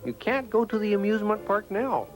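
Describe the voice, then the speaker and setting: A patient, gently bossy baby frog in a storybook, voiced by a man. He coaxes with a raised, lively pitch, soft music behind. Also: fairly quick. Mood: coaxing. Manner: patient, coaxing, a little exasperated. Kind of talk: storybook character voice.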